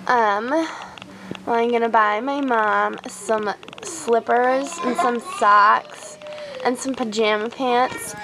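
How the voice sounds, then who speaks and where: A woman's voice: on the high side, steady tone, slow pace, noisy background. A woman playing a hesitant young guest who sounds unsure of herself. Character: shy young female guest Haley.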